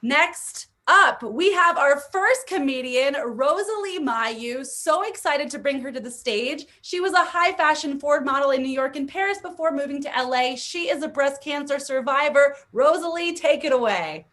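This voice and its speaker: A woman's voice: sits high, animated, normal speed, few pauses, sharp tone. A woman hosting an online comedy show, chatty and self-mocking with rambling asides, speaking over a video call. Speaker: event host.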